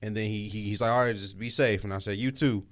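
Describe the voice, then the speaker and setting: A young man tells a story to his friends on a podcast. He is animated and laughs often, and he acts out the voices of the other people in the story. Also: on the low side, quick pace. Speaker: podcast host. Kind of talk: casual storytelling among friends.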